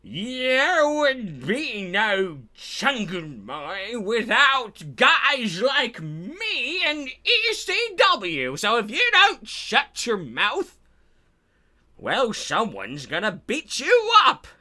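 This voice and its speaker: A gruff, ancient wrestler, as a man puts him on talks down to a younger rival in a slow, condescending drawl. The voice is pushed high and strained, with a bright, tense edge. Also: wildly swooping pitch, heavily acted. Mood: menacing. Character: grizzled ancient male wrestler, gruff, threatening.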